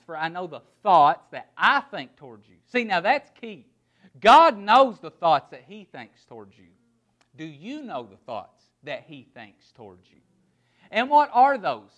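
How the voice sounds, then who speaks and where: High-voiced man preaching a sermon. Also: big pitch swings, measured pace, a bit bright, dull audio. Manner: emphatic preaching, word-by-word emphasis, rhetorical questions. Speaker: pastor.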